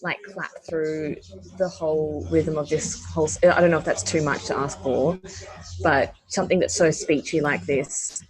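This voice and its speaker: A student asks the teacher something in an online class. The speech is hesitant and full of fillers, with a middle pitch. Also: steady tone, normal speed, poor audio. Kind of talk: casual question in an online class.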